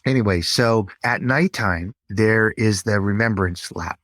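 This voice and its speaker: A middle-aged man guesting on a podcast tells a personal story earnestly and haltingly, restarting often. His voice is on the low side and a bit bright, and the recording is dry.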